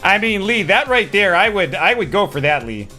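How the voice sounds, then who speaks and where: A man's voice: high voice, very animated, moderate pace, pushed and bright, soft background music. A man from Wisconsin streaming a game with casual commentary, chatty and self-deprecating as he thinks aloud.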